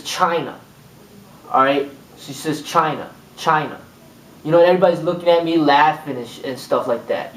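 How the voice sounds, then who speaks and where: A man giving an informal spoken lesson as a kung fu instructor, rambling and acting out exchanges. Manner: rambling, repeats "boom" and acts out exchanges. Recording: echoey room, mic far off.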